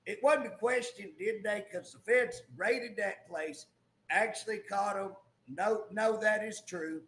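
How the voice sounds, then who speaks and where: A high, gravelly man holds forth on a political talk show, emphatic and restless, circling back on his points. His voice rings in an echoey room. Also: measured pace, a bit bright. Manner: emphatic, repeats "guess what", restarts. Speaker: co-host, former state legislator.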